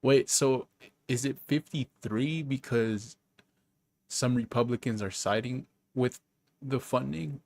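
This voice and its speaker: A man's voice: medium pitch, slow pace, gravelly, a little mellow. A man on a casual stream, asking hesitant, puzzled questions.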